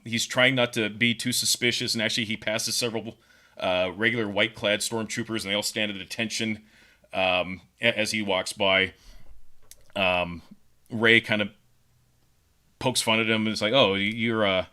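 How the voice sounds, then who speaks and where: A man co-hosting a podcast, pitching a story casually with lots of fillers and repeated words. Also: steady tone, moderate pace, bright, forceful tone. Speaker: podcast co-host.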